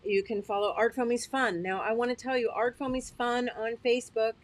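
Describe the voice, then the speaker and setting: A woman's voice: a little high, fairly even intonation, fairly quick. A woman hosting a casual livestream, chatty and upbeat, who often checks in with her listeners and laughs at herself. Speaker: host. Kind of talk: casual livestream product demo.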